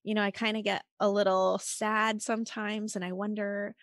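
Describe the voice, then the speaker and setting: A mother appearing as a podcast guest tells a personal story in an earnest, chatty, casual way, filling it with "like" and "you know." Her medium-pitched, slightly bright voice has a flat delivery and a moderate pace, recorded in clean studio quality with no echo.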